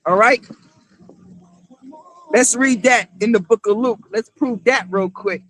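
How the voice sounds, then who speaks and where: Fiery high-voiced preacher man, shouting. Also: slow, slight background noise. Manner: fiery, shouting scripture, repeats "all right" constantly. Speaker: street preacher. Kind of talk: sermon with scripture reading.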